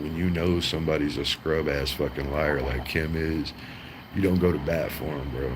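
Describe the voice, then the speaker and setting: Deep-voiced guy on a livestream, slow and cussing, mocking people, noisy background with some vehicle sounds. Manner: profane, taunting and mocking. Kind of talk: trash-talking live stream rant.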